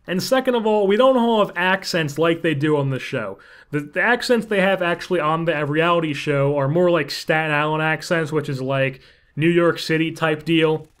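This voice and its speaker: A man's voice: fairly high pitch, normal speed, fairly bright tone, smooth. A young man in his late teens from Central New Jersey, with a Jersey accent, telling joking stories as a gaming channel commentator. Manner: joking, sarcastic asides, rising emphasis. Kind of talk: casual storytelling over gameplay.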